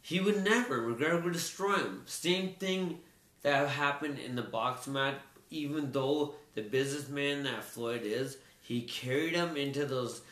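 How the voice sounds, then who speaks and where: A man's voice: medium pitch, measured pace, fairly bright tone. A man co-hosting a casual sports chat, rambling loosely with fillers and restarts. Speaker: sports talk co-host. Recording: roomy echo.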